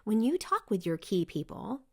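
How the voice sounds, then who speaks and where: A middle-aged woman hosting a leadership podcast, giving an emphatic, lively motivational talk with frequent restarts. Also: medium pitch, normal speed. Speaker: podcast host. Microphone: seen on video, single speaker.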